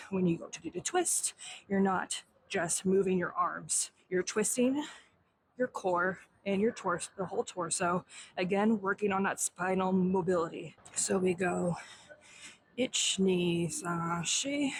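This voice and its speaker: A young woman teaching a stretching warm-up, slightly out of breath, counting aloud in Japanese. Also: lowish voice, a little slow, a little hiss or hum, rough recording. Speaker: fitness instructor. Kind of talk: instructional demo while exercising.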